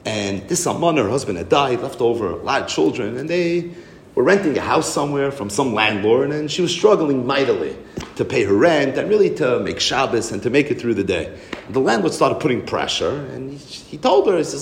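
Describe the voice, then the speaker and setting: A man's voice: mid-range voice, sing-song, moderate pace, gravelly, reverberant, slight background noise. A man giving a Torah class and telling a Hasidic story, mixing in Hebrew and Yiddish terms and acting out the voices in it. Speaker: Torah teacher.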